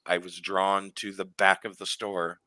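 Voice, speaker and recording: A man's voice: sits low, level tone, unhurried, sharp tone, no echo. A man talking as a radio show guest, telling a story animatedly with plenty of fillers and restarts.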